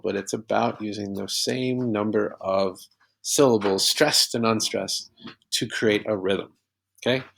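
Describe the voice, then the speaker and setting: Gravelly-voiced man teaching a lesson. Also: on the low side, a bit bright. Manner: patient, explains step by step with examples. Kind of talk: recorded poetry lesson.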